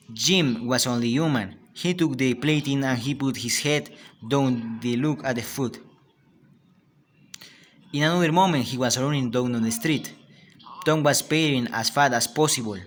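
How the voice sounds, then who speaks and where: A man with a Spanish accent, a native Spanish speaker and a student, reading a story aloud in a halting way with frequent restarts. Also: mid-range voice, slight background noise.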